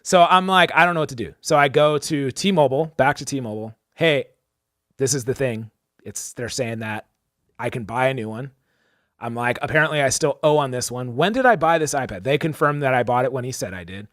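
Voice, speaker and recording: A man's voice: mid-range voice, brisk, a bit bright, dry recording, studio quality. A young man co-hosting a podcast, telling a story casually and animatedly, acting out the people he quotes, with lots of "like" and "dude". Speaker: podcast co-host.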